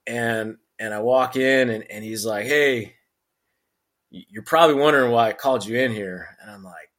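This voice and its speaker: A man's voice: mid-range voice, moderate pace. Laughing ex-Marine man telling a story. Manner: animated, acts out quotes with laughs. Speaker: podcast guest, former Marine sergeant. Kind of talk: casual storytelling.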